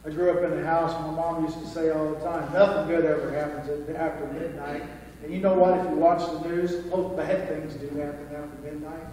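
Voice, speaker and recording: A man's voice: on the high side, level tone, fairly quick, few pauses, warm tone. Man, pastor, earnest folksy sermon, heard from far off, long church reverb, faint hum behind. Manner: earnest, folksy preaching with humor. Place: church sanctuary. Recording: echoey church hall from far off.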